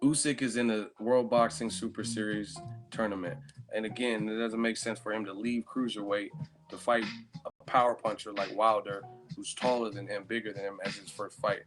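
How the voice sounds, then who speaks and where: A man's voice: on the low side, fairly even intonation, normal speed, over music. A man hosting a live-stream chat, rambling and profane as he riffs on viewer comments. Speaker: host.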